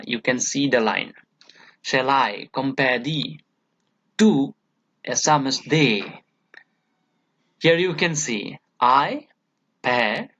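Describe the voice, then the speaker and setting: A male college lecturer with an Indian English accent who teaches at a slow, careful pace. He walks through each point patiently and keeps checking in with his students. The recording sounds dull and lo-fi. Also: medium pitch, fairly bright tone. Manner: slow, patient explaining, frequent "okay" checks. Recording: dull lo-fi audio.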